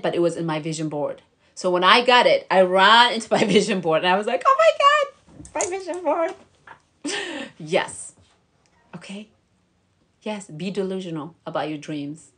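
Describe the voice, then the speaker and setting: A woman's voice: on the low side, fairly bright tone. A young woman giving casual, encouraging advice to camera as a lifestyle vlogger. She talks in a bubbly way, with lots of fillers and frequent laughs. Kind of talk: casual motivational talk to camera.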